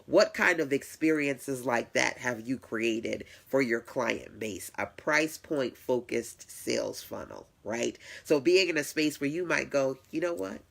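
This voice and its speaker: Woman webinar coach: upbeat, colloquial, gravelly edge. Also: extremely low pitch, a little slow, few pauses. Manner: upbeat, chatty, laughs often; colloquial, acts out clients' voices. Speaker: business coach hosting a web class. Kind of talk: live webinar teaching.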